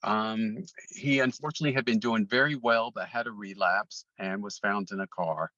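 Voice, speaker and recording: Bright, forceful man telling a story. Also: lowish voice, moderate pace, no room sound, highs cut off. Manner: rambling, frequent ums and restarts. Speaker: interview guest. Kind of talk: casual storytelling.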